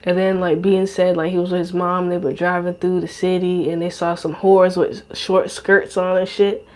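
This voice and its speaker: A woman's voice: lowish voice, level tone, moderate pace, a little mellow. Profane, rambling young woman podcaster. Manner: profane, slangy, rambling with many fillers. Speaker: podcast host. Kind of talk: casual monologue.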